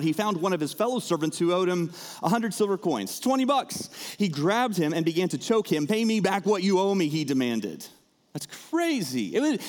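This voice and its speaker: A man preaching a sermon as pastor, talking in a conversational way and turning lively when he acts out the people in the story. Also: a little high. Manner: conversational, animated when acting out characters.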